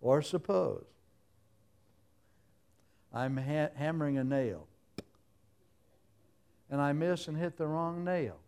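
A man's voice: mid-range voice, very animated, takes it slowly, pauses often, dark tone. A man preaching a sermon in a folksy, humorous way, full of everyday stories. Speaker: pastor.

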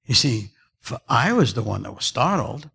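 Death, a man doing calm and formal. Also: mid-range voice, moderate pace, gravelly, breathy edge, exaggerated voice. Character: Death, calm and courteous male figure.

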